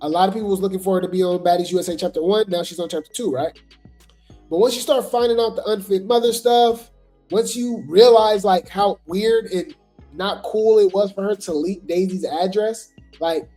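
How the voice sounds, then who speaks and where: A host giving casual gossip commentary on reality TV, talking chattily and filling pauses with "right?" and "you know". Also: medium pitch, mellow, faint music behind. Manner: chatty, full of fillers and "right?" asides.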